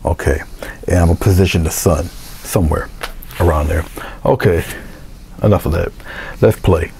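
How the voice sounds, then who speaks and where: A man giving a casual painting tutorial, talking through each step in a relaxed way as he works. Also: sits low, moderate pace, gravelly, slight background noise. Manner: relaxed, talks to himself while working, thinks aloud. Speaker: painting instructor.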